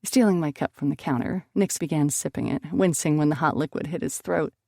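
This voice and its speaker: A woman's voice: sits low, a little fast, gravelly, hardly any pauses, a little mellow, dry recording, clean studio sound. A woman narrating a first-person romance audiobook expressively, lifting her voice on emotional lines.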